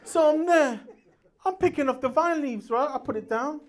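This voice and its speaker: A man with a very high voice, talking at normal speed, performs a stand-up set in a comedy venue, telling stories brashly and animatedly with his own sound effects and put-on voices. The live crowd can be heard in the background, laughing.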